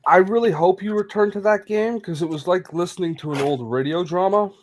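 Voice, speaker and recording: A man's voice: high-pitched, brisk, a little hiss or hum. A man chiming in agreeably during a casual group chat.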